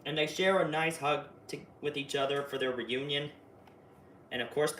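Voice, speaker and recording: Brief: chatty male reviewer, slightly high voice, excitable, echoey room with the mic set far back. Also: moderate pace, slight background noise. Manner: excitable, chatty, with lots of fillers. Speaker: video reviewer. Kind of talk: casual spoiler recap. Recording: roomy, distant mic, faint ambience.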